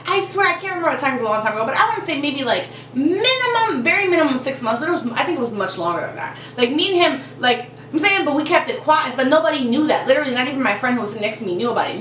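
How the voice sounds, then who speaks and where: High-voiced young woman telling a story. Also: reverberant, distant mic, a little hiss or hum, rough recording. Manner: animated, lots of "like", quick asides. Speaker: vlogger. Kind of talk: casual storytime.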